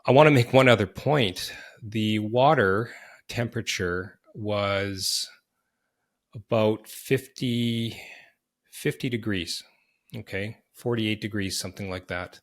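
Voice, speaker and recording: A middle-aged man hosting a podcast, earnestly telling a personal story in vivid detail with quick restarts. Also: lowish voice. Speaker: podcast host.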